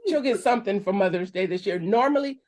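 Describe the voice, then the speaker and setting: A woman minister co-hosting a casual chat, talking loosely with restarts and quick laughs. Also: medium pitch, expressive, a little mellow. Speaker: minister and podcast co-host.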